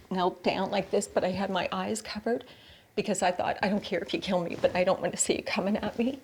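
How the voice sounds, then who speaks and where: A middle-aged woman from Canada giving a halting interview testimony, repeating words and quoting her own thoughts. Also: mid-range voice, gravelly, slight background noise. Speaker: interviewee recounting her experience.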